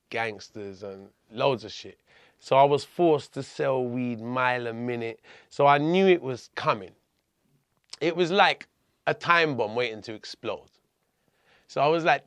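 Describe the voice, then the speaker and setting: A man, telling a story as a podcast guest in a lively, profane way. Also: a little high, no room sound. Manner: animated, profane, laughing storyteller. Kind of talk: storytelling in conversation.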